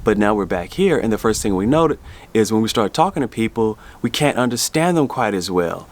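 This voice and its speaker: Middle-aged man with a lowish voice, loose rambling delivery, family vlogger talking to camera. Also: animated, fairly quick. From Southern US. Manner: rambling, with many restarts and fillers. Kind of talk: casual chat to camera.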